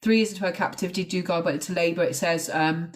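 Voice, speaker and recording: A woman's voice: fairly low pitch, steady tone, quick pace. A woman hosting a true crime show, recounting a case in a casual, earnest way with frequent ums. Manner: conversational, with frequent ums and likes. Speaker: true crime podcast host.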